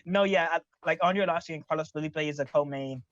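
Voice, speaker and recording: A young man co-hosting a podcast, talking casually and excitably, with slangy speech and lots of stumbling repeats. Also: fairly high pitch, fast, dry recording, dull audio. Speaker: podcast co-host. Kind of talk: casual chat.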